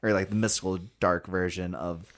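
A man co-hosting a casual podcast chat in a small echoey room, animated and prone to shouted outbursts. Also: low voice, moderate pace. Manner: animated, bursts into shouted exclamations. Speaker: podcast co-host. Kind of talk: casual comic book chat.

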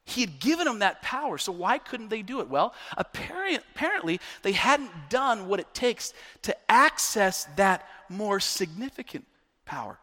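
A male pastor preaching a sermon with emphasis, often repeating words as he builds to near-shouting. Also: high-pitched, sing-song, normal speed, big-room sound.

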